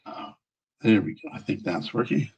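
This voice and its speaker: A man hosting a casual livestream, rambling as he checks his audio, greets viewers by name and often clears his throat. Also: lowish voice, normal speed, a little mellow, lo-fi sound. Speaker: livestream host.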